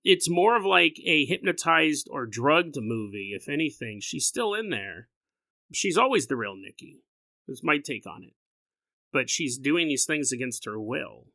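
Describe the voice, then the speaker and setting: A man hosting a paranormal podcast, talking casually in a rambling, animated way and laughing often. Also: a little high, unhurried, no echo. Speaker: podcast host. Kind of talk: casual solo podcast talk.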